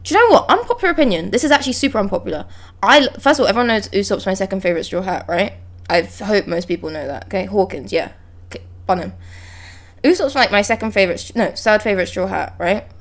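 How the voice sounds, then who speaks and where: A woman chatting on a live stream as she reacts to a comic, blunt and quick to swear, speaking into a close desk mic. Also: medium pitch, expressive. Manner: chatty and blunt, swears freely, reads panels aloud. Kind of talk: casual live reaction chat.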